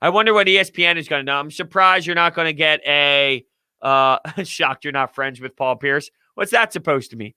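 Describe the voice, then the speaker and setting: A man's voice: on the high side, moderate pace, sharp tone, smooth, dry recording. A young man hosting a casual sports podcast, ranting and joking with frequent laughs. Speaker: podcast host.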